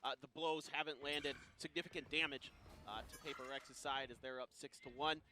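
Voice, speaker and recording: A man's voice: a little high, steady tone, a little fast. A man giving analytical esports color commentary, chatty and full of fillers. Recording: live crowd noise behind.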